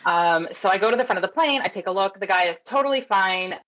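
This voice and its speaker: A woman's voice: mid-range voice, quick pace, lo-fi sound. A woman from Canada, a nurse coach, telling a story as a podcast guest and acting out the people in it. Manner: animated storyteller, acts out quotes, laughs often. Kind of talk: casual storytelling interview.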